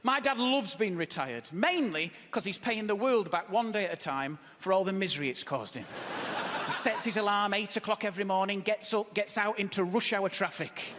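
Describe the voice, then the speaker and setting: A man doing a stand-up set on a theatre stage with a handheld mic, wry and building to shouted punchlines. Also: high voice, moderate pace. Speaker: stand-up comedian. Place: large theatre stage before a live audience. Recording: loud background noise from a live show.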